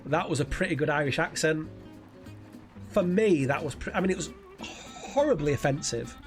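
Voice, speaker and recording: A man's voice: a little high, sing-song, normal speed, long pauses, soft background music. Joking, crude male stream host. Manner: jokey, crude, rambling and self-mocking. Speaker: livestream host. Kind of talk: casual live-stream chat, comic riffing.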